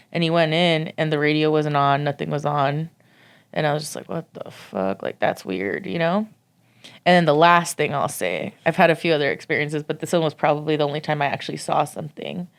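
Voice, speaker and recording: A woman with a low voice tells a rambling ghost story on a casual podcast. She swears freely and scatters "like" through every sentence. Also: clean tone. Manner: swears freely, lots of "like" fillers. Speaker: podcast co-host.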